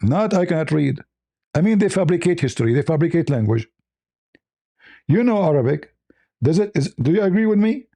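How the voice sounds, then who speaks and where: A man's voice: a little high, lively intonation, a little fast, creaky, long pauses, warm tone, no room sound. Mocking, insistent male livestream host. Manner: mocking, insistent, laughs at his own points. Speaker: livestream host debating a caller. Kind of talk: argumentative livestream call-in debate.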